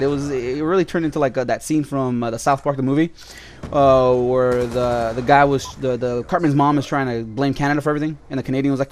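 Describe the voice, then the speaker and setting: A man's voice: mid-range voice, a little hiss or hum. A man vlogging casually, telling stories in a flippant, rambling way with asides to his viewers. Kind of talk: casual storytelling to camera.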